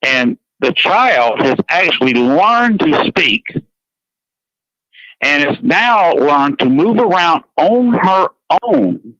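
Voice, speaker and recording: A man with a Southern Georgia accent chats on radio, rambling and earnest and repeating himself. His voice is bright and a little high. The sound is dry and slightly muffled. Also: sing-song, slow, dry recording. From Georgia, USA. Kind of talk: casual chat on a radio show.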